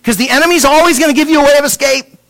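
A man preaching a sermon, asking rhetorical questions and repeating words as he restarts, dropping from a raised voice to a hush. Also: extremely high pitch, racing. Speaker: pastor.

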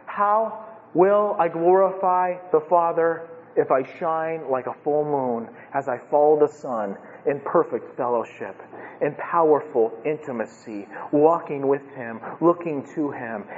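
A man's voice: on the high side, a little hiss or hum. A man preaching an expository sermon, impassioned and building to emphatic peaks. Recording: lo-fi with long reverb.

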